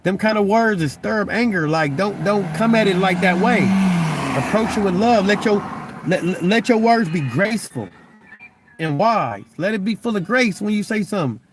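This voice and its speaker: A man's voice: high voice, expressive, normal speed, background noise. A young man preaching in a casual, conversational way, often stammering and repeating words as he presses his point. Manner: loose, conversational, keeps asking "you know what I'm saying". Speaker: Christian vlogger.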